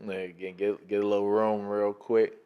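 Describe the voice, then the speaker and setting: A man's voice: lowish voice, flat delivery, normal speed, clear, resonant tone, narrow, tinny audio. A man, a comedian guest on a podcast, joking through casual banter and laughing between his words.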